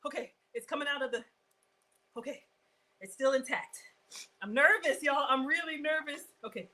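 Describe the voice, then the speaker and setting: A woman hosting a live cooking stream, chatty and excitable, talking straight to her viewers. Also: high-pitched, normal speed, poor audio. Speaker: cooking show host.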